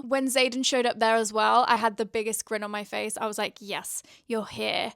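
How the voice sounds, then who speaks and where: A woman's voice: on the high side, fairly bright tone, clean tone, dry recording, clean studio sound. A young woman chatting casually in a reading vlog, gushing and rambling with lots of fillers. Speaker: book vlogger.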